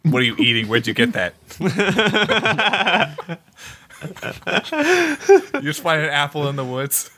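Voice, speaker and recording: A male player talks in a lively, animated voice, swinging his pitch up and down. His delivery is bright and quick to laughter, with plenty of cursing dropped in. It is casual table talk.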